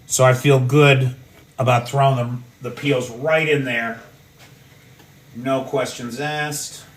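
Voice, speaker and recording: A man's voice: mid-range voice, level tone, takes it slowly. An American man hosting a casual livestream from his home kitchen, cooking and talking in a blunt, profane, ranting way. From United States. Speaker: livestream host.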